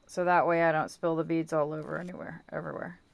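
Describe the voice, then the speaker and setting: Casual craft tutorial host, woman, somewhat low voice, chatty and self-correcting. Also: level tone, fast, creaky, no room sound. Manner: playful baby talk to her dog. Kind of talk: casual how-to demonstration.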